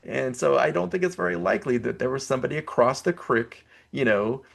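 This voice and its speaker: A man's voice: mid-range voice, fairly quick, gravelly. A man of around sixty, a podcast guest, casually telling a story with frequent laughs, restarts and 'you know' fillers, acting out quoted lines. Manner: animated, laughs often, acts out quoted lines.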